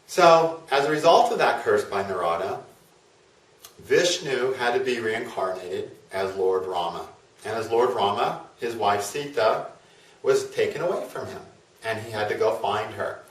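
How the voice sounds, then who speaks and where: A man's voice: lowish voice, lively intonation, unhurried. Chatty male astrologer in an echoey room. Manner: chatty, with fillers and tag questions. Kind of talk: casual storytelling lecture. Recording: roomy, from a distance.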